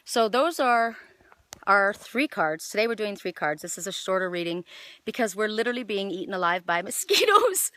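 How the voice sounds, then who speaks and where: A middle-aged woman giving a casual spiritual card reading outdoors, chatty and excitable, with lots of fillers. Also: medium pitch, a little fast, no echo. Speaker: oracle card reader. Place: outdoors in the evening.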